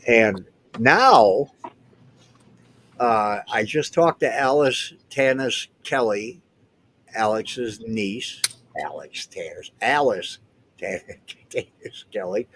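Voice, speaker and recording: A man in his seventies with a lowish voice tells stories in a loose, rambling way, often stopping and starting over mid-sentence. The talk is casual and unhurried. A faint noise sits under the voice. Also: expressive, fairly bright tone. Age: 70s. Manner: rambling storyteller with frequent restarts. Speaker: guest recounting past events. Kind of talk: casual chat.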